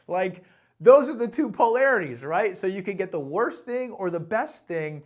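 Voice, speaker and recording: Male motivational sales coach, emphatic and exhorting, lively pitch swings. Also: normal speed. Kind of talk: motivational talk to camera.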